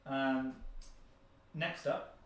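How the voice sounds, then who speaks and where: A man's voice: mid-range voice, flat delivery, extremely slow, a bit bright. A man with an English accent hosting a casual livestream chat about board games, hesitant and full of fillers. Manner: hesitant, lots of fillers and restarts. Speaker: board game company host. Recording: echoey room, distant mic.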